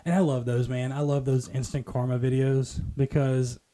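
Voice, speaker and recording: A man's voice: mid-range voice, level tone, moderate pace, dark tone. A man hosting a casual podcast, reacting with dry quips and giving blunt opinions. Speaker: podcast host.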